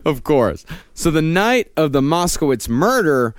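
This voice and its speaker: A man hosting a podcast, telling the story and dropping his voice low at the ends of sentences. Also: sing-song, unhurried, dry recording, studio quality. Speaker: podcast host. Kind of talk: true-crime narration in casual chat.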